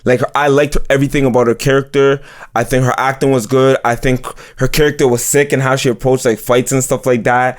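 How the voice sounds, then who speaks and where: Young man, mid-pitched voice, frank opinions, lots of "like" fillers, casual chat. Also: level tone, a little fast. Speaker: co-host.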